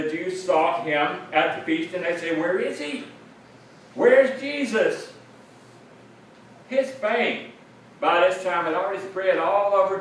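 High-voiced preacher in a very echoey room. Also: male voice, fairly bright tone. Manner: earnest, explanatory, repeats phrases for emphasis. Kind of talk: sermon. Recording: very echoey room, mic at a distance, faint noise.

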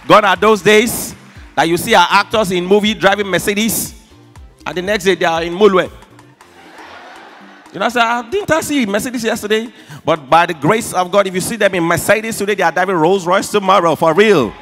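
Nigerian comedian, high voice, bright punchy tone, lots of shouting. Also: male voice, normal speed, pauses often, faint music behind. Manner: animated, shouting punchlines, mimicking squealing fans. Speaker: stand-up comedian. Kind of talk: stand-up comedy. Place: awards show stage.

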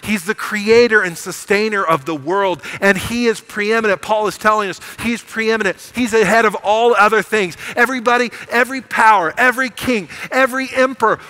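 Pastor, male, middle-aged; high, bright voice, animated sermon storytelling. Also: moderate pace, hardly any pauses, poor audio. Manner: animated storytelling, rising to emphatic proclamation. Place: church sanctuary.

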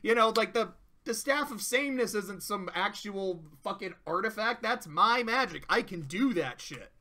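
Cartoon reviewer, casual commentary, profane, rambling, bright voice. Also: mid-range voice, animated, normal speed.

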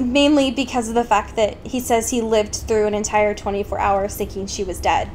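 A woman's voice: mid-range voice, moderate pace, noisy background. A woman co-hosting a casual podcast, recapping a book with lots of laughs and fillers. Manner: giggly, animated, lots of fillers. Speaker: podcast co-host.

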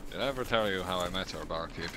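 Man, tabletop player, very deep voice, sharp tone, dry humor. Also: lively intonation, quick pace, slight background noise. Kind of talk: casual tabletop role-play.

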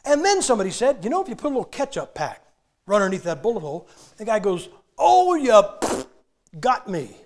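High-voiced folksy older man preaching. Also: big pitch swings, racing. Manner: folksy, joking, acts out movie scenes. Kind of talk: humorous sermon storytelling. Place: church.

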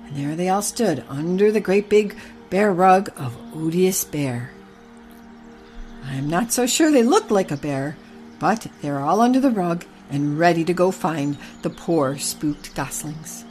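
A woman telling a children's barnyard story in a gentle, even reading voice. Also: lowish voice, unhurried, soft background music.

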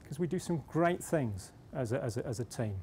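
A man's voice: medium pitch, expressive, moderate pace, dark tone, a little hiss or hum. A middle-aged British man speaking at a conference, telling a self-deprecating story with restarts before turning to his point. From Britain. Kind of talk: conference speech with anecdote. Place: conference hall.

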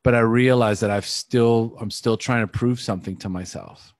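A man's voice: fairly low pitch, fairly even intonation, normal speed, no echo, studio quality. Candid man telling a confessional story. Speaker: life coach. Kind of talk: personal story told to a group call.

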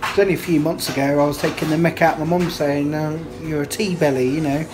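A man's voice: on the high side, steady tone, fast talker. A man, talking casually to camera about his evening at home and chatting with his children, cheerful and laughing often. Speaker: family vlogger. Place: family home kitchen, indoors. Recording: noisy home recording.

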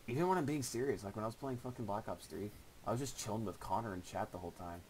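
A man's voice: fairly low pitch, fast talker, darkish tone, a little hiss or hum, low-quality recording. A young man in his late teens streaming a game, chatting casually and swearing a lot at his friend. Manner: crude, swearing trash talk. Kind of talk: casual gameplay stream chat.

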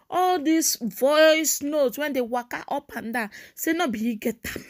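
A Nigerian woman hosting a celebrity gossip channel, talking in a casual, animated, mocking way with sing-song repetitions. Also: high voice, measured pace.

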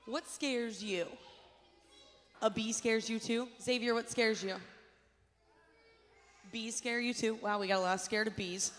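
A woman with a fairly high voice leads a children's chapel service, animated and coaxing as she gets the kids to repeat lines back to her. Her voice carries a long reverb from a church hall. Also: measured pace, long pauses.

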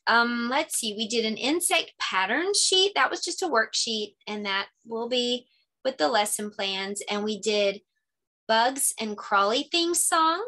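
A woman teacher talking casually through her lesson ideas. She explains things chattily and sounds out words slowly when she demonstrates them. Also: on the high side, expressive, sharp tone. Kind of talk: casual lesson-idea walkthrough.

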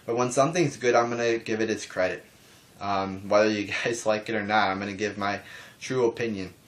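A young man talking calmly to his camera in a casual response vlog, rambling with lots of restarts and fillers and casual swearing. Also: fairly low pitch, a little fast. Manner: calm, even talking voice. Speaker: wrestling YouTuber.

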